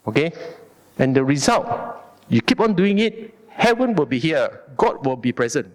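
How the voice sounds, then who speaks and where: A man with a Malaysian English accent giving a Buddhist Dharma talk in an animated, colloquial and emphatic way. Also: a little high, moderate pace. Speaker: Dharma speaker. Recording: long hall reverb.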